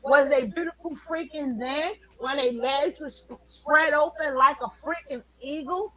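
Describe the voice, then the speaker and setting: A woman hosting a reaction channel, ranting in heated commentary, loud and profane and clearly worked up. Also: high-pitched, a little slow, low-quality recording. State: angry, worked up.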